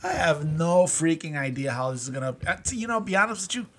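A man's voice: a little high, animated, fast, a bit bright. A man co-hosting a podcast in casual chat, rambling and restarting his sentences. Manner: rambling, laughs often, many restarts. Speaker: podcast co-host.

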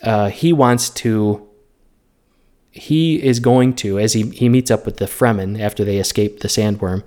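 A man's voice: on the low side, measured pace, darkish tone. A man co-hosting a casual movie podcast, rambling through the plot, restarting sentences and laughing often. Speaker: podcast co-host.

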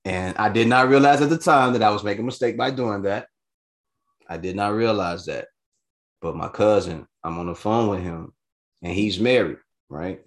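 Very deep-voiced man telling a story. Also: normal speed. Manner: animated, acts out quotes with high-pitched voices; swears casually. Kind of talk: casual storytelling.

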